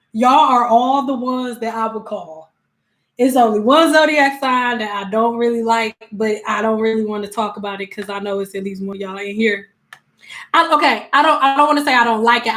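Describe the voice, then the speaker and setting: Chatty, laughing woman with a higher voice. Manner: chatty and animated, acting out quick quoted voices; laughs often while talking. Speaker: livestream host talking to viewers. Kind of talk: casual chat answering live comments.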